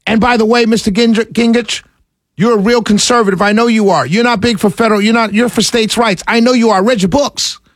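High, gravelly man ranting on talk radio. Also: no echo, studio quality. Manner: passionate, often yelling, with sarcastic asides. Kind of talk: political talk radio monologue. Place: radio studio. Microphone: studio mic right in front of him.

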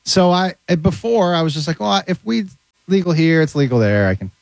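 Guy telling funny travel stories, does all the voices, kinda higher voice, dry close sound. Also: fairly quick, gravelly, dry recording. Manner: animated storyteller acting out quoted voices. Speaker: comedian guest. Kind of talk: casual storytelling chat.

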